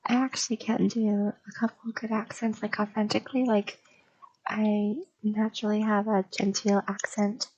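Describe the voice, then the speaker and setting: A young woman streamer rambling casually in an ASMR style, soft and drifting into whispers, with a slight stutter. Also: medium pitch, little pitch movement, normal speed, muffled recording, slight background noise.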